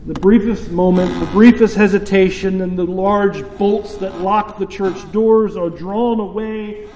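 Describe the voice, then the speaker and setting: A pastor with a high, light voice delivers a sermon at an unhurried pace. He tells his story deliberately and pauses for effect. His voice rings through a church with a long, echoing reverb. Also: fairly even intonation, a little mellow, slight background noise. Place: church sanctuary.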